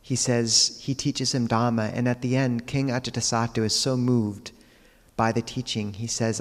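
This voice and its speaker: A man, a Buddhist monk, giving a dharma talk, telling teaching stories in a calm, measured way with quiet pauses. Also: mid-range voice, long reverb tail.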